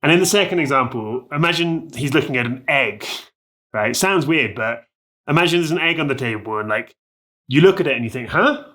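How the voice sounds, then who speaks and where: A man's voice: medium pitch, expressive, brisk, fairly bright tone. A man giving a casual, upbeat video lesson on Spanish, chatting to viewers with lots of fillers. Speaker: Spanish teacher.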